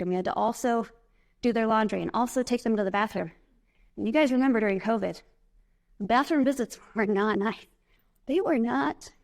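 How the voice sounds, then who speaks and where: Woman doing a keynote on stage, chatty, jokes on herself, laughs a bunch. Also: mid-range voice. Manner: chatty and self-deprecating, laughs often. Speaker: keynote speaker. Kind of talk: live conference speech. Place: conference stage with podium.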